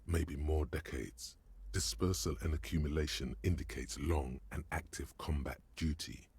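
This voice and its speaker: A man narrating a game in a grave, measured, gravelly voice. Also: a bass voice, fairly even intonation, a little mellow, full character voice.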